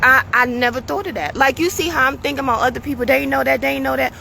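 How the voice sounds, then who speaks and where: A woman with a high, gravelly voice that sounds strained and tired, preaching casually to her viewers. Her tone is bright and forceful, and she keeps checking in with her listeners as she pushes through her talk. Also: quick pace, a little hiss or hum. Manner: preachy, casual, keeps asking "you understand?". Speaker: show host.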